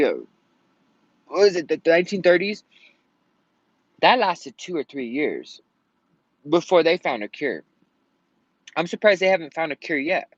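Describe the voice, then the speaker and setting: A frustrated man rambles to camera in a slightly high, lively voice, swearing freely as he vents. The sound is dry and close, with a dull, lo-fi quality. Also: no room sound. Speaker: vlogger. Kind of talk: casual rant to camera. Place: at home in Colorado.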